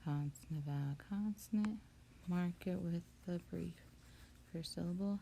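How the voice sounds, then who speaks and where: Slow gravelly woman teaching spelling. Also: fairly low pitch. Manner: slow, patient, step-by-step explaining. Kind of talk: phonics spelling lesson. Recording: noticeable background noise.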